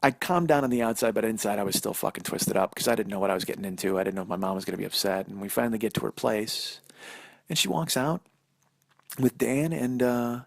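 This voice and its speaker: A man's voice: fairly low pitch, animated, fast talker, gravelly, no room sound, clean studio sound. Self-mocking man rambling into a phone. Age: 40s. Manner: rambling, self-deprecating, profane. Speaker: podcast host. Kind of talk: solo storytelling monologue.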